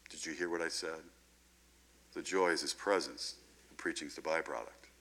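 Low-voiced male preacher, bright tone. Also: normal speed, pauses often. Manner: animated, conversational, often asks "right?". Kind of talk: sermon.

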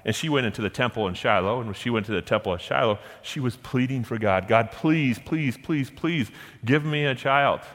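A man preaching a sermon, posing rhetorical questions and slowing down to stress scripture verses. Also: on the low side. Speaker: pastor. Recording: long hall reverb.

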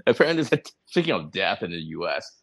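A man's voice: deep voice, very animated, fast talker, no room sound, clean studio sound. Joking man co-hosting a podcast. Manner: joking, laughs often. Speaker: podcast co-host. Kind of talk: casual chat.

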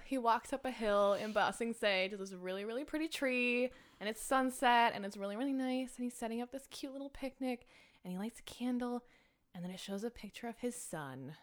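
A woman's voice: on the high side, brisk. A woman co-hosting a podcast, retelling an episode in casual chat, emotional and full of fillers. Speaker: podcast co-host.

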